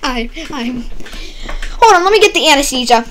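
A young woman with a fairly high voice jokes her way through a game roleplay as a doctor. She is silly and teasing and breaks into sudden loud outbursts. A faint hiss of noise sits under her voice. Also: expressive, moderate pace. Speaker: roleplay gamer playing a doctor. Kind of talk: playful game roleplay banter.

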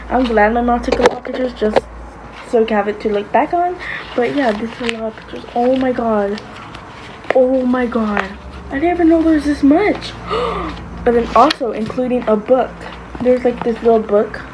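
A woman's voice: a little high, moderate pace, noisy background. A young woman vlogging casually, gushing and exclaiming, sometimes dropping to a whisper. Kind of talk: casual reaction vlog.

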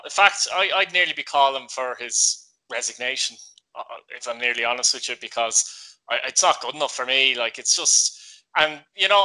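A man with an Irish accent hosting a football vlog, talking indignantly in quick, broken phrases. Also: mid-range voice, bright, forceful tone, poor audio. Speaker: vlog host. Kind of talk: casual football chat.

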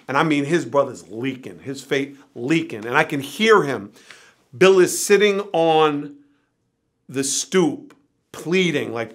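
A middle-aged man tells a vivid, profane anecdote, acting out each person's lines. His voice is bright, forceful and a touch higher than most men's. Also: unhurried. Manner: vivid anecdote with acted-out quotes and swearing. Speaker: interview guest. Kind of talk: animated storytelling.

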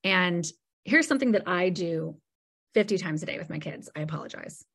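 Woman guest, lower register, chatty storyteller who keeps saying "like" and mimics what people said. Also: a little fast, slightly rough. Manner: animated storyteller who acts out quoted dialogue and leans on "like". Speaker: podcast guest. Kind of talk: casual storytelling interview.

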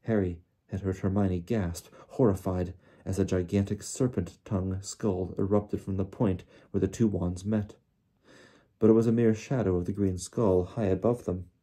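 A man reading a novel aloud in even, unhurried narration. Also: deep voice. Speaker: audiobook reader.

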